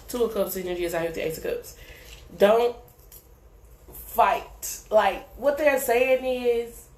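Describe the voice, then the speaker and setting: Woman, tarot reader, casual and profane, chatty, echoey room. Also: mid-range voice. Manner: casual, profane, chatty, checks in with listener often. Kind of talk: live tarot reading. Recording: echoey room, faint background noise.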